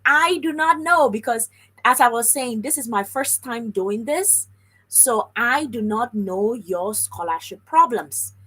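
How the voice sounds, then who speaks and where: A woman's voice: fairly high pitch, a little slow, slightly rough, low-quality recording. A woman hosting a casual live stream about scholarships, chatting with viewers and reading their comments out. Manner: chatty, animated, talks straight to viewers and reads comments aloud. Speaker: livestream host on scholarships.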